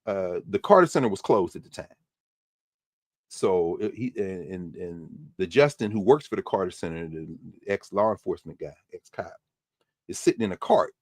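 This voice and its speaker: Animated man telling a story. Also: deep voice, moderate pace, no room sound, clean studio sound. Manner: animated, conversational, repeats words while building points. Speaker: podcast host and lecturer. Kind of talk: storytelling commentary lecture.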